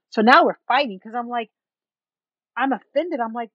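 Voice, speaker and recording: A woman's voice: a little high, moderate pace, pauses often, dry recording. A woman guest in an interview telling a personal story, acting out what others said to her. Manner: animated, acts out what others said. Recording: dull, dry, slightly lo-fi.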